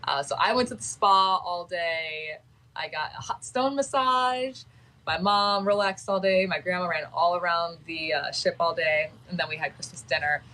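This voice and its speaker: A woman's voice: on the low side, normal speed, sharp tone, poor audio. A woman chatting casually on a livestream, talking in a gushing, sentimental way.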